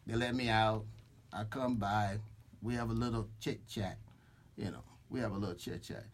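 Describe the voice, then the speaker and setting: A man's voice: on the low side, moderate pace. A man hosting a live radio talk show from a studio microphone, thanking a guest and laughing between words. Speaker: radio host.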